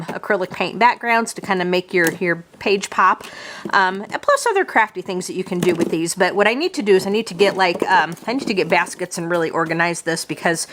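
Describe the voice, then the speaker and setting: A woman's voice: mid-range voice, fairly bright tone, a little hiss or hum. A woman talking casually on a handheld camera as she tours her home craft room, rambling with many fillers and restarts. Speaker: vlogger giving a room tour. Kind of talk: casual chat.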